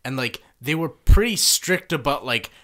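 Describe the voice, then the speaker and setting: A man co-hosting a casual podcast over a podcast mic. His pitch rises and falls freely as he banters and swears in a relaxed way. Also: moderate pace. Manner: laid-back, profane banter with a lively pitch. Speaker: podcast co-host. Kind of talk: casual chat.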